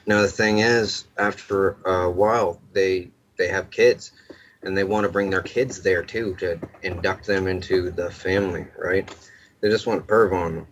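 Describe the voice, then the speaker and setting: A man in a casual interview, telling things in a flat, steady way. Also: deep voice, a little slow. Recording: dull lo-fi recording with faint noise.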